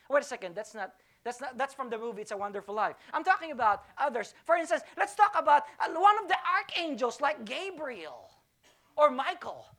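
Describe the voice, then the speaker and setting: High-voiced woman preaching emphatically. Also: fairly bright tone. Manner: emphatic preaching with rhetorical questions and repetition. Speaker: pastor. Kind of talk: sermon.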